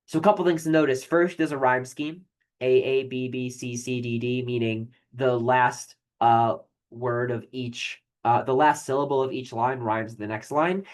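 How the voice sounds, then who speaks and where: Prof talking through a poem, lots of ums, slows way down reading verse lines. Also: mid-range voice. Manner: explanatory, with many fillers and restarts; reads poetry aloud slowly with stress. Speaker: literature professor. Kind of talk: recorded video lecture.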